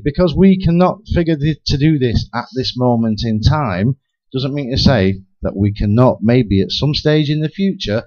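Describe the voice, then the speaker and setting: A man speculating at length on a community radio talk show, talking in restless bursts with many restarts. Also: medium pitch. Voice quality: lively, theorizing, many restarts. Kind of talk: rambling speculative radio chat. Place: radio studio. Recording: lo-fi radio broadcast.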